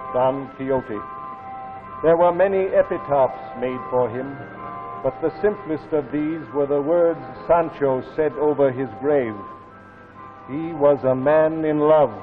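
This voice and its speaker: An actor playing a male reading machine that reads stories aloud in a measured voice, in a live 1950s TV drama. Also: mid-range voice, fairly even intonation, natural voice. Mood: steady reading. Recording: tinny 1950s TV speaker audio with music.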